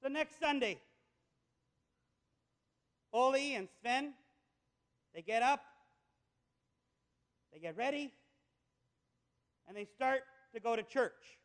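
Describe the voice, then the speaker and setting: Male preacher, really high voice, emphatic storytelling, long echo like a big hall. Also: expressive, slow pace, pauses often, a bit bright. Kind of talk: sermon. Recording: echoey hall with long reverb.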